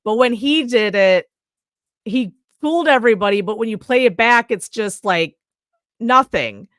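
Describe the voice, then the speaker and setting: A woman's voice: on the high side, lively intonation, moderate pace, a bit bright, no echo, studio quality. A woman co-hosting a podcast, casually recapping a horror movie in a rambling way, swearing freely and acting out characters' lines. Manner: rambling, swears freely, acts out scenes in quoted voices. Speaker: podcast co-host. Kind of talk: casual movie review chat.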